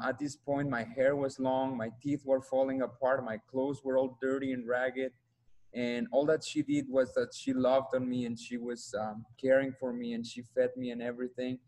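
A flat-toned man of medium pitch, speaking with a Mexican Spanish accent, gives his testimony as a guest speaker on a rough recording. His manner is earnest yet faltering, full of repetition as he searches for words.

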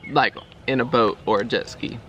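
A man in his thirties telling a relaxed, slow story to his wife for a vlog, outdoors by the water. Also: medium pitch, muffled recording, a little hiss or hum. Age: 30s. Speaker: vlogger. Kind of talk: casual chat.

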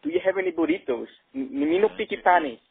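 A man on a phone line putting on a squeaky prank-caller voice with broken English. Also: big pitch swings, normal speed, husky, dry recording, exaggerated voice. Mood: mocking.

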